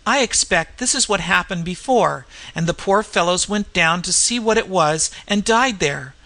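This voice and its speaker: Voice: medium pitch, animated, moderate pace, sharp tone. A reader voicing a frightened railway inspector. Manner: gasping, pleading. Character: frightened male railway inspector, nervous and superstitious. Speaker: storybook character.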